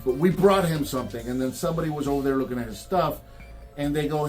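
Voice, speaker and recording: Brief: man, toy channel host, lively storyteller, slightly higher voice, faint music under. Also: fast talker. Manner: animated storyteller, acts out quotes. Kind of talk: casual chat.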